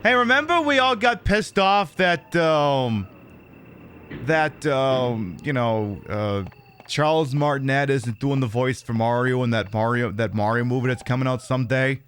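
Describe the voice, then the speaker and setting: A man's voice: mid-range voice, expressive, measured pace, fairly bright tone, clear, resonant tone. A man casually chatting through a livestream of a horror game, rambling and reacting to chat with lots of fillers and repeated words. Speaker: streamer playing a horror game.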